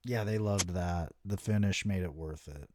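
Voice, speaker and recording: A man's voice: sits low, normal speed, a little mellow, no echo, clean studio sound. A man co-hosting a casual wrestling podcast, laid-back and sarcastic, often chiming in with short agreement. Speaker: podcast co-host.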